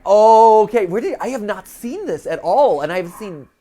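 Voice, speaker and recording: Excitable woman playing a video game. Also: mid-range voice, normal speed. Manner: excitable, laughing, lots of restarts. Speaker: gaming show host. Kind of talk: let's play commentary.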